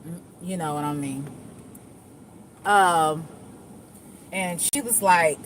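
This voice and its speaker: Woman vlogger, animated pitch, casual car chat over faint road hum. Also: moderate pace, rough recording. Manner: chatty, animated, acts out other people's voices. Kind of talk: casual chat while driving. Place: inside a moving car.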